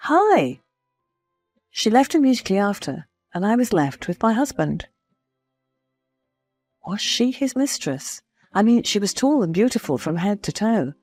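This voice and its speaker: A woman narrating a first-person story in a confiding, expressive way. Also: medium pitch, moderate pace, soft background music.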